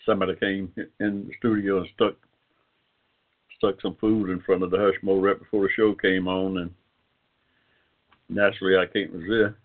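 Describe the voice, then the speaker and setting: A man's voice: sits low, flat delivery, normal speed, long pauses. An older man, hosting a casual internet radio talk show in a rambling, folksy way. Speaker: host. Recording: phone-like call-in line.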